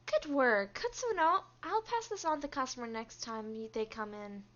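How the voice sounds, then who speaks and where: A woman's voice: high voice, animated, normal speed, fairly bright tone, lo-fi sound. Woman doing a breezy young shop clerk. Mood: friendly.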